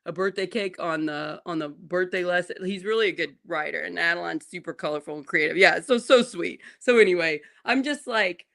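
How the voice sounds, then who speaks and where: A woman in her forties, co-hosting a morning show, telling a family story in a lively way and laughing often. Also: lowish voice, moderate pace, creaky, few pauses. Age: 40s. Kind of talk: casual chat.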